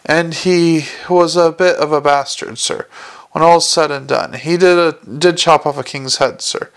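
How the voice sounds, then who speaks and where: A man voicing a lowly male watch corporal who is nervous and evasive, mumbling excuses and tacking "sir" onto every sentence in a storybook reading. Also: unhurried, gravelly, clean tone. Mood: anxious.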